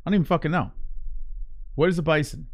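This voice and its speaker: A man's voice: on the high side, fast talker. A man co-hosting a stream, chatting casually, rambling and unsure of himself, swearing freely. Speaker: stream co-host. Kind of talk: casual chat.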